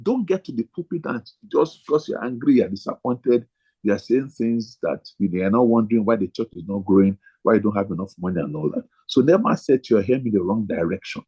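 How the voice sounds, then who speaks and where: Man, pastor's sermon-style teaching, emphatic repetition, husky voice, muffled sound. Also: on the low side, animated, fairly quick, dark tone. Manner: emphatic, repeats key phrases. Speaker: pastor training other pastors.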